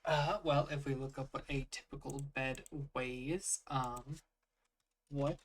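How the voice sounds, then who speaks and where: A game master guides a tabletop session in loose, rambling speech, pausing to work out weights and rules as the game goes on. The voice sits at a middle pitch and has nothing else marked about it. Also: steady tone. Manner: casual, filler-heavy, works out rules aloud.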